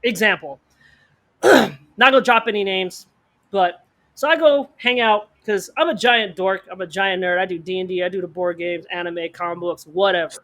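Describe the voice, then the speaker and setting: A man co-hosting a podcast, telling a story in casual slang, animated and acting out the people in it. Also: sits high. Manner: fast bursts of speech, slang-heavy. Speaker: podcast co-host.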